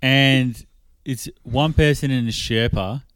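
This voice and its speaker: A man's voice: mid-range voice, steady tone, slow, a bit bright, smooth, no room sound, studio quality. An Australian man co-hosting a casual podcast, crude and joking as he rambles through stories. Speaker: podcast co-host.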